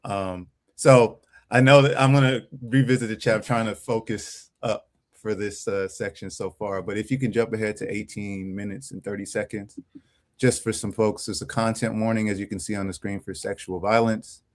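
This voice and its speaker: Man, talk show host, casual chat, frank, animated delivery. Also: fairly low pitch, moderate pace.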